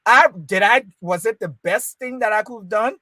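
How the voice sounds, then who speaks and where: A man's voice: sits high, normal speed, bright, forceful tone, dry recording. A man, hosting a talk show and telling a personal story in casual conversation, acting out the dialogue he quotes. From Liberia. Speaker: podcast host.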